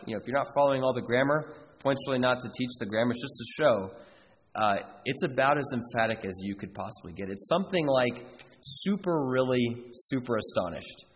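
A man's voice: mid-range voice, a bit bright, slight background noise. Male pastor preaching in a reverberant church. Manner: earnest, emphatic preaching with repeated phrases. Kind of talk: sermon. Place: church sanctuary.

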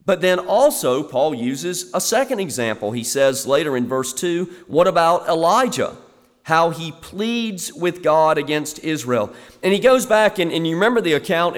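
A man preaching an expository sermon as a pastor, animated, moving between loud emphasis and quiet asides. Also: on the high side. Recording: long reverb of a large hall.

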